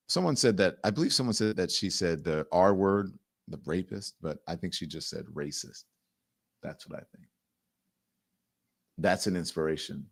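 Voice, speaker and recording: A man's voice: mid-range voice, expressive, a little slow, pauses often, fairly bright tone. Man hosting a talk show. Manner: conversational, emphatic, with restarts. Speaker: show host. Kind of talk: live commentary show.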